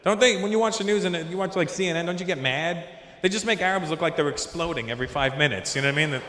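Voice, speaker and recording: A fast-talking man with a bright, forceful, rather high voice does stand-up at a big comedy venue. Holding the stage mic, he riffs with audience members and impersonates voices, while the echoey hall carries the crowd's reactions.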